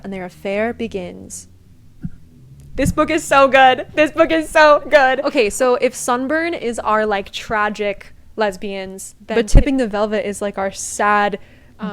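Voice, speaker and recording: A woman's voice: mid-range voice, clean tone. Gushing young woman reviewing books. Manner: gushing, chatty, giggly. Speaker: book vlogger. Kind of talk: casual book review.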